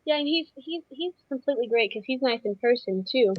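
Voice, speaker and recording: A woman's voice: high voice, lively intonation, brisk, dull audio, background noise. A woman in a casual podcast chat, eagerly explaining things in detail.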